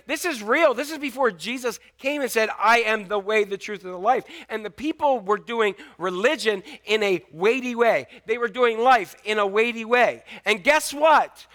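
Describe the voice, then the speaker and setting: A middle-aged male pastor delivers a lively sermon, joking with his congregation and leaping up in pitch to stress a point. His voice sits high and sounds bright and forceful. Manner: lively preaching, jokes, sudden rises in pitch and loudness.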